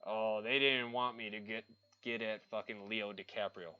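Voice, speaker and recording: A man's voice: lowish voice, fairly even intonation, moderate pace, sharp tone, clean tone, muffled recording, faint music behind. A man chatting casually while he paints on a livestream, ranting and swearing freely as he rambles from one opinion to the next.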